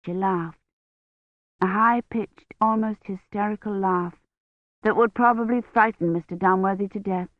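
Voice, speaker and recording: A woman's voice: medium pitch, steady tone, moderate pace, dry recording. Woman narrating on tinny, dry audio. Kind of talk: scripted narration.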